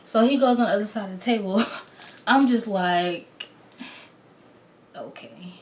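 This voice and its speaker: A young adult woman telling a story in a casual, blunt and animated way, acting out the lines of the people in it. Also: mid-range voice, normal speed, slight background noise. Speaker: vlogger.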